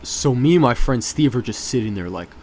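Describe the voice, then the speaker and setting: Man for a casual storytime vlog, average pitch, rambling and profane delivery. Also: expressive, brisk, a little mellow, a little hiss or hum. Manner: rambling, profane, lots of "uh" and "you know".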